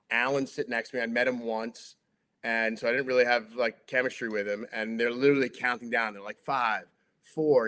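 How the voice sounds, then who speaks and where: Middle-aged man, ex-sports broadcaster, relaxed guest chatter, mid-pitched, lots of "like" and self-corrections. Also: clear, resonant tone. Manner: chatty, many fillers and restarts. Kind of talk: casual interview chat.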